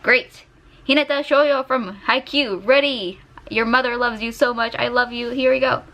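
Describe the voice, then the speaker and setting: On a desk USB microphone, a young art vlogger talks casually while drawing, giggling and gushing over characters she loves. Her voice is on the high side and pushed and bright, with fairly even intonation at a normal speed.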